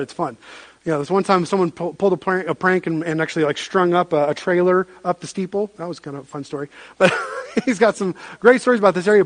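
Man, pastor, sermon, fairly high voice, lively storytelling, restarts phrases. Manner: animated storytelling with frequent restarts.

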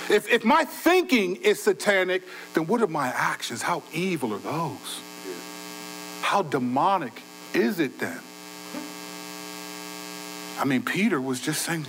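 A man with a high-pitched voice preaches a sermon in a conversational way. He swings between loud bursts and quiet, low asides. A faint electrical hum sits under the recording. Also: expressive, measured pace, pauses often, poor audio. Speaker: pastor.

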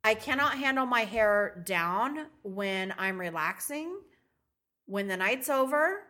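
Bright-voiced chatty woman co-host. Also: mid-range voice, slow pace. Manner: chatty, animated storytelling with quoted dialogue. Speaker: podcast co-host. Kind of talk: casual chat.

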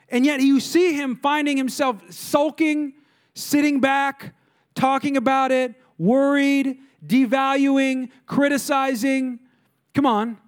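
High-voiced man preaching a lively sermon. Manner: animated preaching, rhetorical questions, mimicking complainers. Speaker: pastor.

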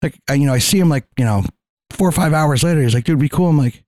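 A man in casual podcast chat, telling animated stories full of swearing and quoted dialogue. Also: fairly high pitch, quick pace, no echo. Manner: profane, animated, quotes others in his stories.

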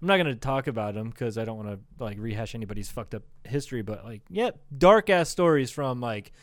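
Medium-pitched and animated, a young man from northern Iowa talks a little fast as he co-hosts a casual comedy podcast. He swears a lot, laughs frequently and acts out quotes in his storytelling; the sound is clean studio audio with no room sound.

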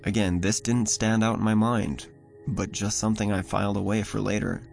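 A man narrating a first-person horror story in a measured, somber way. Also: on the low side, flat delivery, creaky. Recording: voice over soft music.

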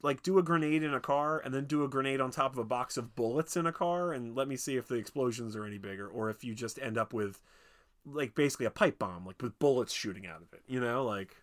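A man's voice: mid-range voice, quick pace. Rambling man recapping a movie. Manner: rambling, lots of "like" and restarts, acts out quotes. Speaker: podcast co-host recapping a film. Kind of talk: casual chat.

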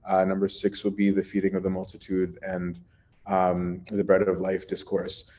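A man's voice: low voice, monotone, moderate pace, a little mellow, slight background noise. A man teaching a Bible study in a casual, chatty way, often asking "right?" and using plenty of fillers.

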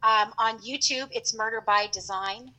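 A woman telling a funny travel story as a podcast guest, chatty and animated with lots of fillers. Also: a little high, moderate pace, rough recording. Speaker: podcast guest and co-host of her own show. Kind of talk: casual storytelling.

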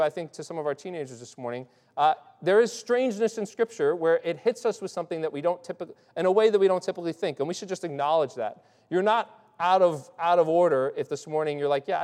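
A male pastor's slightly mellow voice, on the high side, carries a loose, conversational sermon. He keeps restarting his sentences and checking in with "right?". There's a long hall reverb on the recording.

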